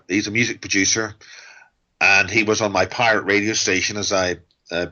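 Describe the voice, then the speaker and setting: A middle-aged man with a low, forceful voice holds forth as a guest, rambling from point to point with wry jokes. His audio is dull and lo-fi, as if it came over a call. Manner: ranting, digressive, wry. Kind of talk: rambling interview talk.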